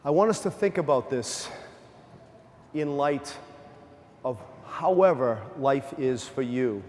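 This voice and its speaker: In church, a pastor with a medium-pitched voice speaks at a slow pace, his words carrying a big-room sound. This parish priest's sermon is conversational and funny, told with animated storytelling as he keeps asking the congregation questions.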